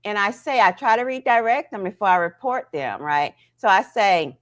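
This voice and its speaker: A woman's voice: medium pitch, normal speed, few pauses. Chatty woman hosting a livestream. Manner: animated, talks to chat viewers directly; frequent "right?" and "okay?" tags. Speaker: livestream host. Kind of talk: casual livestream chat.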